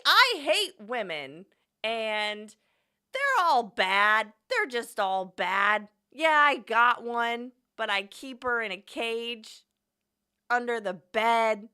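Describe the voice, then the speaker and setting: A woman doing a comic impression of a loud bigoted man ranting, with bellowed, drawn-out words. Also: on the high side, very animated, clean tone, full character voice. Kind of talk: comedic impression on a stream.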